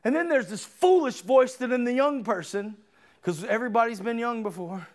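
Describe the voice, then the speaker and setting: A man preaching a sermon in a church, impassioned, rising to shouts and then dropping low and earnest. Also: moderate pace. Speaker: pastor.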